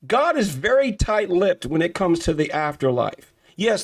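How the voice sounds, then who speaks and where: Fervent preaching man, high voice. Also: gravelly. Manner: fervent, repeats key phrases, addresses listeners as brothers and sisters. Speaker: preacher hosting a podcast. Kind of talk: impassioned preaching.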